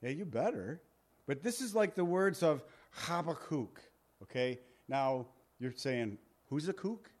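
A man's voice: medium pitch, lively intonation, a little slow. A male pastor teaching a Bible passage in a conversational sermon, reading scripture aloud and paraphrasing it.

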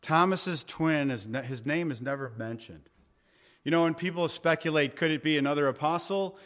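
A man's voice: fairly high pitch, normal speed, a bit bright. A man preaching a sermon, conversational, often asking his listeners questions. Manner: conversational, asks the congregation questions. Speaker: pastor.

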